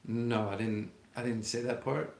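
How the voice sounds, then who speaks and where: A man chatting calmly beside his wife on a vlog, keeping his replies brief. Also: medium pitch, unhurried, gravelly. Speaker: co-host. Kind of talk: casual chat. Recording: echoey room.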